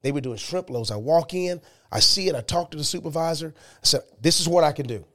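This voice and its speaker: A man telling his life story as a podcast guest, animated and emphatic. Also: on the high side, a little fast. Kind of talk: storytelling interview.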